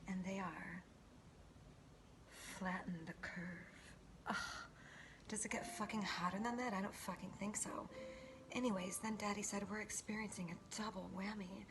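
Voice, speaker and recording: A woman performing a comic monologue in a breathy, mock-seductive whisper, swearing often. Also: medium pitch, steady tone, moderate pace, noisy background. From United States. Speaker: comedic performer.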